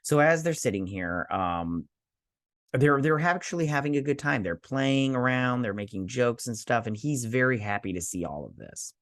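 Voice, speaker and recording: A man's voice: mid-range voice, moderate pace, no echo, clean studio sound. A man in a medium voice gives a loose, chatty recap of a television episode. He slips in and out of quoted lines with playful asides and plenty of filler words. He speaks as the host of a review show. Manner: animated storytelling, acting out characters' lines with fillers.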